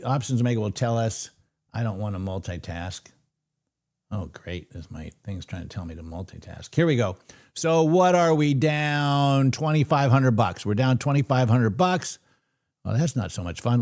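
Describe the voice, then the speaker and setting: A man hosting a live trading stream, ranting bluntly and getting excited as he calls trades. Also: mid-range voice. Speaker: livestream trading host. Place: trading desk.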